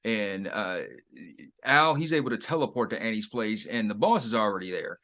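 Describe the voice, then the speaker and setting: A man's voice: fairly low pitch, lively intonation, normal speed, sharp tone. A man co-hosting a podcast in casual chat, recapping in a laid-back, trailing way with many fillers. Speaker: podcast co-host.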